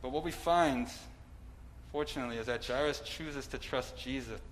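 A man's voice: mid-range voice, moderate pace, a little hiss or hum, low-quality recording. A man preaching a sermon in a conversational way, with asides and some humor.

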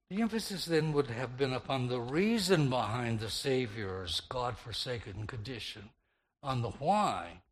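A man preaching a slow, meditative sermon, repeating phrases and shifting the stress from word to word. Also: a little high.

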